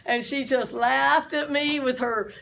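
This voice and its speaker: A high-voiced woman teaches a class in a chatty, storytelling way. She keeps turning to the students with questions. She sounds middle-aged. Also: steady tone, a little slow, gravelly, fairly bright tone. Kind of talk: classroom lecture with stories.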